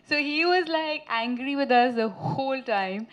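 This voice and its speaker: Actress lady at a press meet, chatty and giggly, slightly high voice. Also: measured pace. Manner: chatty, laughing, animated storytelling. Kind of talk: casual anecdotes to reporters.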